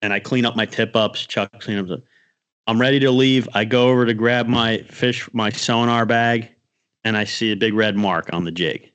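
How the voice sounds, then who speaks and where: A man co-hosting a fishing podcast, telling a story in an excited, animated way during a casual chat. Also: fairly low pitch, moderate pace, smooth, muffled recording. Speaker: podcast co-host.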